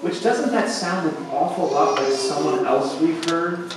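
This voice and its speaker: A man preaching a sermon as pastor, slow and deliberate, swelling to emphatic peaks and then dropping quiet. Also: on the high side, expressive, background noise. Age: young adult to middle-aged, father of boys. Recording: echoey hall, speaker far from mic.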